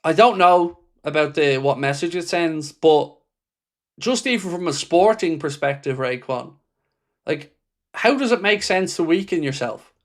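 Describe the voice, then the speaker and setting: A man's voice: on the high side, lively intonation, a little slow. A man hosting a football fan livestream, reading viewer comments and answering them bluntly, with passion and frequent swearing. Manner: impassioned, blunt, swears freely. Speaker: football fan channel host. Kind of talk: livestream reaction chat.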